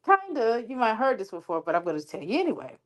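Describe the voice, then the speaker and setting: Woman, guest, high voice, very lively intonation, animated storyteller. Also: fast. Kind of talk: casual group chat.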